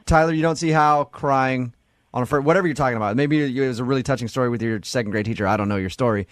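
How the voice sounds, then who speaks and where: A man's voice: mid-range voice, no room sound. A playful male radio host who questions his callers and mocks them in fun. His mid-range voice sounds close and dry, with almost no room around it. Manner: teasing, playful, quick to mock. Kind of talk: radio call-in banter.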